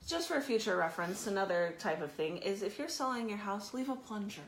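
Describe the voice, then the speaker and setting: A woman co-hosting a casual chat show, retelling a friend's story in a relaxed way and chiming in with comments. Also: medium pitch, fairly quick, echoey room, slight background noise. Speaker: podcast co-host.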